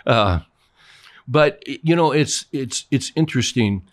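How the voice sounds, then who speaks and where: An older man, pastor and co-host, chats casually in a mid-range voice, slightly slow and expressive. He tells stories and performs both sides of each conversation.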